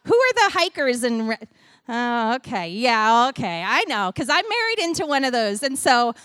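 A middle-aged woman giving a sermon with a children's object lesson, animated and playful as she talks to the kids and the congregation. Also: a little high, moderate pace, smooth, dry recording, studio quality. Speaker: church speaker giving a children's message.

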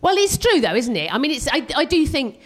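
A British woman delivering stand-up comedy on a live stage, her voice sitting a little high. She talks in an animated, self-mocking way, with sudden leaps in her delivery. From Britain. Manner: animated and self-mocking, with quick vocal jumps.

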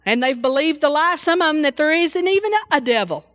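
A woman delivers an informal sermon in a fairly high voice, breaking in with hallelujahs and trailing into restarts. The sound is close and dry, with no room in it. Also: lively intonation, a little fast, fairly bright tone, no echo. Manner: repetitive, exclamatory, frequent hallelujahs and restarts. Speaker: preacher.

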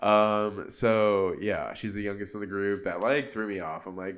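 Low-voiced man in his thirties, chatty. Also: normal speed, hardly any pauses. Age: 30s. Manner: chatty, peppered with "like" and "um", animated asides. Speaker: podcast host recapping a reality show. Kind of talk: casual solo recap.

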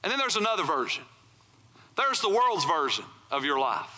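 A man's voice: on the high side, sing-song, normal speed, bright, forceful tone. A male pastor preaching a sermon in church, talking conversationally and often asking the congregation "right?". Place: church sanctuary.

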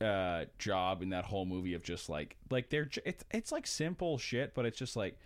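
A young man with a lowish voice muses out loud in loose podcast chat. His thoughts ramble and are padded with "like" and casual swearing. He speaks in the easy manner of a stand-up comic among friends. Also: animated, normal speed. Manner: rambling, heavy use of "like", profane. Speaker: stand-up comedian, podcast co-host.

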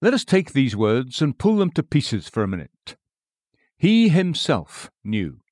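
A man's voice: mid-range voice, big pitch swings, darkish tone, no echo, clean studio sound. Earnest man reading an old sermon. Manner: measured, earnest, rhetorical questions. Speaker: preacher. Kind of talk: read-aloud sermon.

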